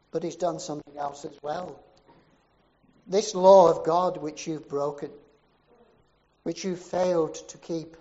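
A man preaching, telling his sermon as a story. His mellow, darker voice builds through repeated phrases to emphatic peaks, then drops low and quiet. The recording sounds dull and muffled. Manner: rhythmic repetition, rising to emphatic peaks then dropping low.

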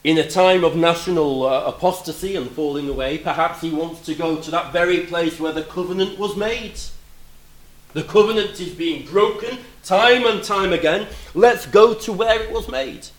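A man preaching a sermon, animated, moving between loud emphatic lines and quiet, reflective asides. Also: a little high, moderate pace, roomy sound, low-quality recording.

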